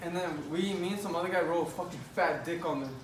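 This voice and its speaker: A young man telling a story to friends, animated and swearing a lot. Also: fairly high pitch, quick pace, a crowd in the background. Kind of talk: casual storytelling. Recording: distant, echoey and very noisy.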